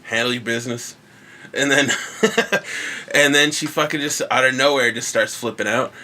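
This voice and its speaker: A man's voice: mid-range voice, moderate pace, sharp tone. A man hosting a podcast, telling a story in casual chat, laid-back, swearing often and laughing. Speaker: podcast host.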